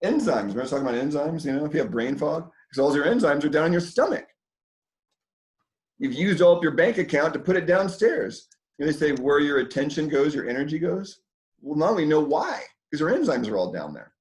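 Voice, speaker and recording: A man's voice: on the high side, big pitch swings, brisk, a little mellow, rough recording. A man hosting a community dinner talk, rambling loosely to a small group indoors with lots of fillers and casual swearing.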